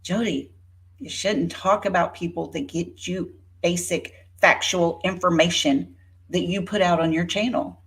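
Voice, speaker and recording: A woman's voice: lowish voice, unhurried. A woman in her fifties giving an indignant, sarcastic rebuttal on her vlog, speaking straight to a rival by name. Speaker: YouTuber. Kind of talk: rebuttal vlog talking to viewers.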